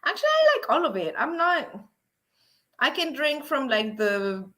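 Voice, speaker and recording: A woman hosting a casual livestream, excitable and laughing often as she chats with viewers. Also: high-pitched, a little slow. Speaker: livestream host. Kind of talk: casual livestream chat reading viewer comments.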